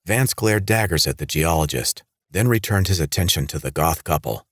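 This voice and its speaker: A man narrating a horror audiobook in a steady, even read. His voice is deep and low. The recording is close and dry, with no room around it. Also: normal speed, no room sound.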